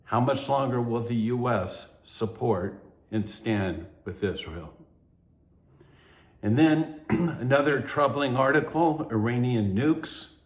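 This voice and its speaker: A man hosting a news commentary, measured and emphatic, dropping low and soft on key phrases. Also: reverberant. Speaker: host of a news commentary update. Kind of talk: news commentary with scripture references.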